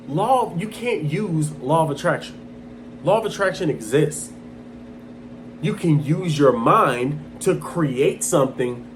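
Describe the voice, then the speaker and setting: Intense, animated male motivational speaker. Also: noisy background. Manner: intense, emphatic, repeats points, mocking quotes in a flat low voice. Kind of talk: impassioned self-help monologue.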